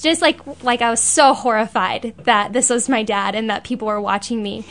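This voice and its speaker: A young woman tells a story in a chatty, animated way, her speech sprinkled with "like". Her voice sits a little on the high side. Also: normal speed. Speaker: interviewee. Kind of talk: casual interview storytelling.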